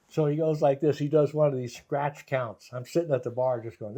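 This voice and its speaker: An older man, a guitarist, telling anecdotes in a relaxed interview, laughing often and acting out the voices of the people in his stories. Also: medium pitch, brisk, hardly any pauses. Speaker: guest guitarist. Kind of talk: casual storytelling interview.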